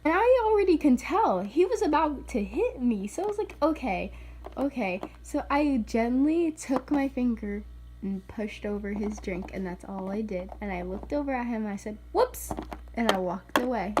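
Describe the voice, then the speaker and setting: High-voiced chatty young vlogger woman. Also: normal speed, a little hiss or hum. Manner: chatty, filler-heavy, often says "like"; animated quoting voices. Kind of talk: casual storytime chat.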